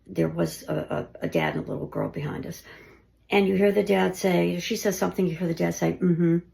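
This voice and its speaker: A woman investigating the paranormal, talking casually through her recordings and often dropping to a hushed near-whisper. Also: lowish voice, fairly even intonation, brisk, creaky. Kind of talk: casual narration of ghost-hunt recordings.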